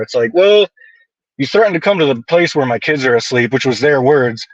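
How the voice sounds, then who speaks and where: As a guest on a casual podcast, a man with a medium-pitched voice tells his stories briskly, bluntly, and with lots of swearing, animated throughout. The audio is dull, a bit lo-fi, and completely dry with no room sound.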